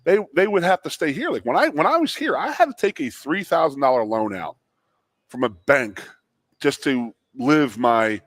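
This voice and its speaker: A man's voice: mid-range voice, normal speed, no echo. A man in his forties, a former college lineman co-hosting a sports radio show, telling a long story in casual chat and acting out the people in it. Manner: animated storyteller, acts out quotes in raised voices. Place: studio at a restaurant.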